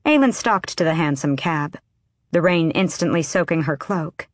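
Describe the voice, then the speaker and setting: A woman narrating a fantasy novel audiobook in a steady, measured read. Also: deep voice, no echo, clean studio sound. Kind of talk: scripted narration.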